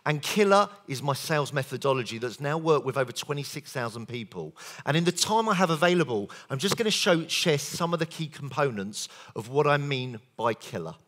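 A man delivers a sales-training keynote at a conference, his voice pitched a little high and swinging widely as he talks. He keeps the crowd involved with show-of-hands questions and quick asides. The tone is energetic and conversational. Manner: animated, engages audience with show-of-hands questions and jokes. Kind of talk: lively conference keynote talk. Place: conference hall.

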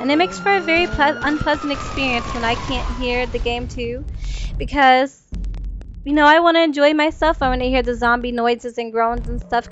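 A woman's voice: on the high side, a little hiss or hum. A woman streamer, chatting casually and swearing freely while she plays, a little worn in the voice. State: losing her voice. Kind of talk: casual gaming stream chat. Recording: dull, lo-fi stream audio.

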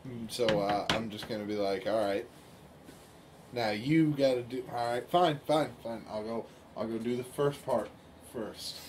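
A man's voice: mid-range voice, unhurried, noisy background. Sarcastic casual tabletop player, man. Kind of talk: playing a tabletop game.

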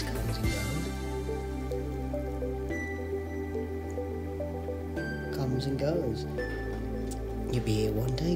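Very low-voiced woman musing over music. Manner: rambling, playful wordplay, rhetorical questions. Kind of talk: improvised spoken-word poetry. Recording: music playing behind.

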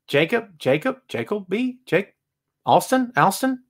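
An excitable man hosts a live talk show and rants to his listeners. His voice sits fairly high for a man and leaps up and down across a wide range. He fires off points and answers chat comments in an animated, worked-up way. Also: unhurried. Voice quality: animated, excitable, ranting delivery. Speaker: wrestling podcast host.

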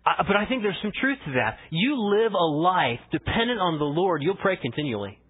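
Male pastor, higher-pitched husky voice, conversational sermon, thin phone-like recording. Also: sing-song, normal speed. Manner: conversational preaching, swings between emphatic and hushed. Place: church sanctuary. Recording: tinny phone-like church audio.

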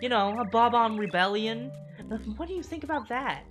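A woman reading the lines of a spunky, defiant young female bomb creature from a game, lively and at times shouting in outrage. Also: on the high side, fairly quick, voice pushed up, close to an everyday voice. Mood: chatty. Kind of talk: reading game dialogue aloud. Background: game music.

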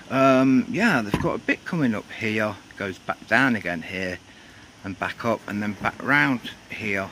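A man's voice: sits low, fairly bright tone, slight background noise, low-quality recording. A man from England rambling through a casual outdoor shoe review, joking and swearing under his breath as he films on a cold day. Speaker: sneaker reviewer.

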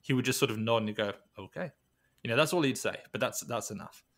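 A man speaking as a guest on an interview podcast, thoughtful and halting, with many restarts and fillers. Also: mid-range voice, fairly bright tone. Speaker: podcast guest, weightlifting coach. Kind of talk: reflective conversational interview.

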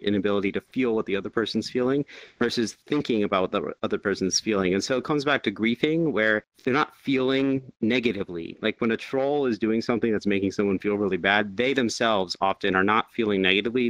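Low-ish guy hosting a chat, walks through a study, dry close sound. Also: a bit bright, no room sound. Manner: measured, explains research findings. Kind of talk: casual panel discussion.

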